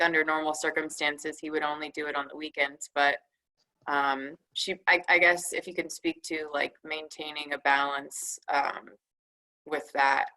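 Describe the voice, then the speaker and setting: A woman moderating a webinar, relaying viewer questions in a halting way while she searches for words. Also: low-pitched, bright, forceful tone, poor audio.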